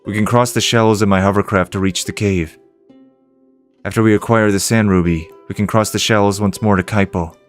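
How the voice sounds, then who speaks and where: A man reading as a soft-spoken young prince. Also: lowish voice, brisk, soft background music, lightly acted. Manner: flat reading of game text aloud.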